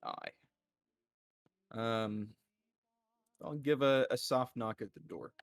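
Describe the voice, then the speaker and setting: A man's voice: mid-range voice, slow pace, dry recording, studio quality. A man playing a tabletop role-play game, speaking in character with polite, old-fashioned phrasing and some hesitation. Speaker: player.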